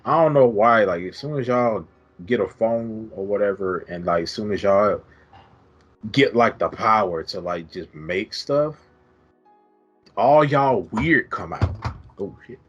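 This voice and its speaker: A man with a low, husky voice talks loosely and ramblingly on a podcast, his pitch swinging widely. The audio is dull and lo-fi, with faint music behind him. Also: lively intonation, unhurried. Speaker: podcast co-host. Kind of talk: casual chat.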